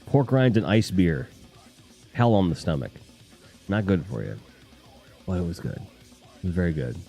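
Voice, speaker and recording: A man's voice: deep voice, big pitch swings, unhurried, gravelly, mellow, faint music behind. A man hosting a casual live stream, rambling and joking with crude humor while talking to his chat.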